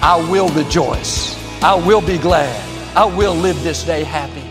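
A man's voice: a little high, measured pace, in a large hall, music in the background. A man preaching a sermon as pastor, upbeat and confident, building to repeated declarations.

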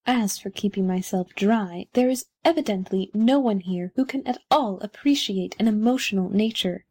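A woman's voice: medium pitch, moderate pace, dark tone, husky, close to an everyday voice. A woman voicing a pompous, conceited male firework rocket in a storybook reading, haughty and self-important. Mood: self-pitying.

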